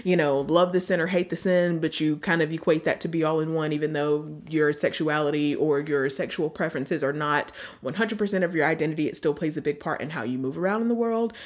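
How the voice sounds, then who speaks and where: A woman's voice: deep voice, steady tone, a little fast, few pauses. A woman co-hosting a podcast in casual, rambling chat, a little congested. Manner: rambling, chatty, often trails off. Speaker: podcast co-host.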